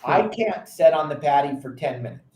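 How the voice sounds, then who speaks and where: A man hosting a fishing talk show, giving casual advice as an animated storyteller who acts out frantic quotes. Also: on the high side, moderate pace, roomy sound. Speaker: podcast host and fishing captain.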